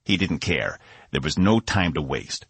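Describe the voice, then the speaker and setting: A man narrating a science fiction audiobook with expressive storytelling. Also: rumbling low, a little slow, breathy edge, dry recording. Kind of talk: scripted narration.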